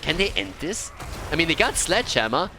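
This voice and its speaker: A man casting an esports match play-by-play, excitable and laughing often, with casual swearing. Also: a little high, brisk, faint music behind. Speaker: esports caster. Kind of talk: play-by-play commentary.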